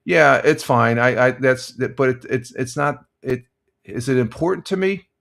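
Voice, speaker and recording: A man's voice: mid-range voice, moderate pace, vocal fry, a bit bright. An older American man hosting a casual live stream, rambling with many restarts and giving blunt opinions while reading viewer comments. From United States.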